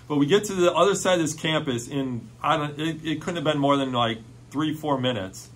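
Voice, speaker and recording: A man telling a personal faith testimony in an excited, storytelling way, full of "like" fillers. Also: on the high side, brisk.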